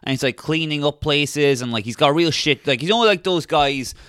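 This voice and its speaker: A man's voice: fairly high pitch, normal speed, fairly bright tone, clean tone, no echo, studio quality. A young man on a comedy podcast, rambling through a story with constant "like" and "okay?". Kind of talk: casual comedic chat.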